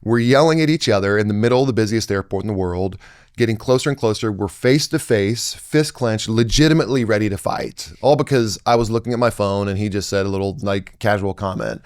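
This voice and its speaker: Podcast guest, man, lowish voice, dry close sound, earnest and emphatic storyteller. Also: fairly quick, smooth, dry recording. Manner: earnest, emphatic, with many restarts. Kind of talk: conversational storytelling.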